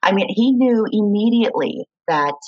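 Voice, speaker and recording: Husky woman telling a lively story. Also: medium pitch, normal speed, lo-fi sound. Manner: animated storyteller, acts out quoted voices. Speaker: guest, kidney donor. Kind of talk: storytelling interview.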